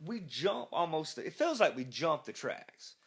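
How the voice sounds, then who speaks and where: A man's voice: a little high, very animated, a little slow, gravelly, a bit bright, slightly rough. A man, a rock musician being interviewed, telling a rambling, profane anecdote full of restarts. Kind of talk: casual storytelling interview.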